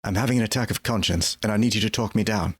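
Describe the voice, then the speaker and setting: A man's voice: fairly low pitch, fast, breathy edge, no room sound. A man playing a tabletop role-playing game, chatting in a playful, casual way. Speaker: player.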